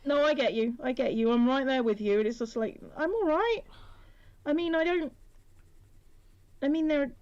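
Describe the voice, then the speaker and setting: A woman's voice: sits high, brisk, pauses often, darkish tone. Self-deprecating woman on dull stream audio. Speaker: artist and stream host. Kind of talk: casual chat while drawing.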